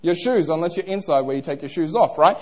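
A man's voice: a little high, expressive, fast talker. A young man preaching a sermon, playful and interactive, asking the congregation questions.

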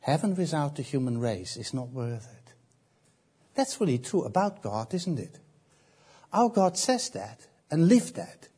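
A man preaching a sermon, slow and emphatic, often repeating phrases and pausing. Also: on the high side, big pitch swings, mellow, husky.

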